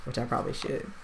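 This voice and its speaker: A woman leading a casual livestreamed Bible study, talking in a relaxed, conversational way, thinking aloud and often asking "right?". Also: low-pitched, background noise.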